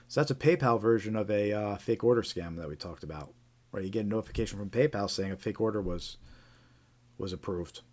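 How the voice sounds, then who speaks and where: A man's voice: lowish voice, brisk, darkish tone. A man hosting a live stream, casually reading out reports with frequent fillers and restarts. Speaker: host.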